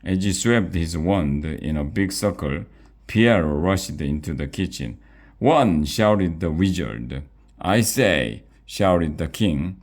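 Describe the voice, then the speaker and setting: A man reading a children's chapter book aloud, haltingly, stumbling and repeating words. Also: deep voice, a little mellow. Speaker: reader.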